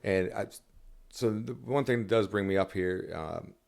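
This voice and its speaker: A man's voice: fairly low pitch, moderate pace, creaky, a little mellow. A man talking as a songwriter guest on a podcast, rambling casually with many restarts and fillers.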